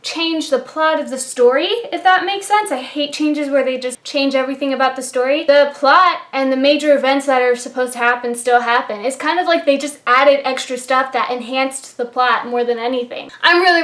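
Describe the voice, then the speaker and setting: A woman with a high voice gushes through a casual book and TV review. Her talk is bubbly and enthusiastic. She is recorded in an echoey room. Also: a bit bright. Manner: gushing and enthusiastic.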